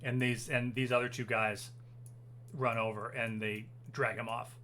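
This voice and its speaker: A man's voice: medium pitch, flat delivery, unhurried, bright, forceful tone, a little hiss or hum. A man narrating as game master of a tabletop game, loose and hesitant with plenty of fillers.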